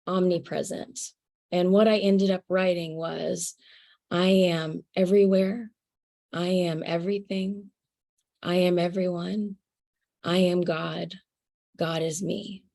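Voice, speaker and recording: A woman telling a personal spiritual story to an audience, earnest and halting, with fillers and soft laughs. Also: on the low side.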